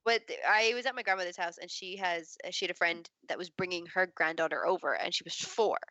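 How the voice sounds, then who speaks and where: An Irish woman chatting as a podcast guest, gushing and quick to laugh. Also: fairly low pitch, pushed and bright, no echo. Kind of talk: casual podcast chat.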